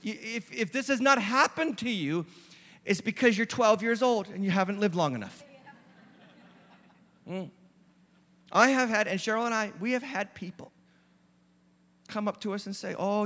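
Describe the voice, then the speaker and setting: A man's voice: high voice, a bit bright. Emphatic preaching man in a reverberant hall. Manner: emphatic, preaching with rising intensity. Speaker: lead pastor. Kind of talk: sermon. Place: church sanctuary. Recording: long reverb of a large hall.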